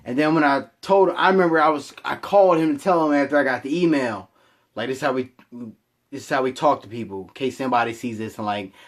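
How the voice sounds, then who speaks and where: A man's voice: mid-range voice, fast talker. A young man telling a personal story to his camera in a rambling, profane, self-mocking way. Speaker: vlogger.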